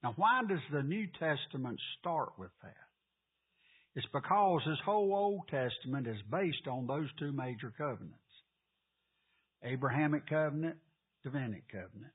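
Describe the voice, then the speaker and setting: A man teaches a Bible class, tossing questions to the room and hammering home each point. His voice is husky. The sound is thin and phone-like. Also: a little high, lively intonation, moderate pace. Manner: asks the class questions, repeats key points.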